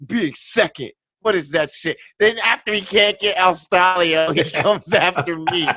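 A man from the US co-hosting a casual podcast, teasing his friends with loud joking bursts. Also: sits high, a little slow, no room sound. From United States. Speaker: podcast co-host. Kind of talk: casual banter.

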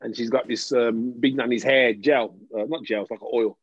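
A man's voice: mid-range voice, moderate pace, slightly rough, no room sound. A man in casual chat, talking animatedly with lots of restarts and jokes. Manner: animated, restarts often, jokey. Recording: dull lo-fi dry sound.

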